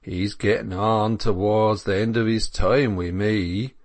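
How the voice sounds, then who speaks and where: Guy reading an audiobook doing a laid-back country dairy farmer, low and a bit gravelly, offhand drawl. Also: steady tone, slow, dry recording. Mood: unconcerned. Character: placid male dairy farmer, rustic, unconcerned.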